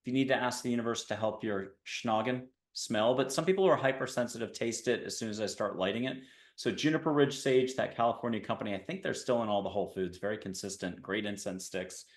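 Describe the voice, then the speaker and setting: A man's voice: on the low side, fast. Joking man hosting in an echoey room. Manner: jokey, rambling, tells dad jokes. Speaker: podcast host. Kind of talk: casual video-call interview.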